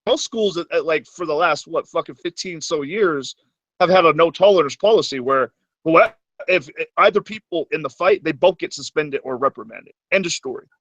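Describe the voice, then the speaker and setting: Man, stream co-host, ranting and profane, slightly high voice, muffled lo-fi audio. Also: fairly quick, fairly bright tone, no echo. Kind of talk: casual stream talk. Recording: dull, dry lo-fi audio.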